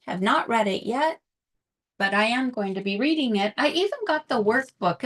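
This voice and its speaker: A middle-aged woman host talking casually about books and self-worth in an earnest, reflective and confiding way. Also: mid-range voice.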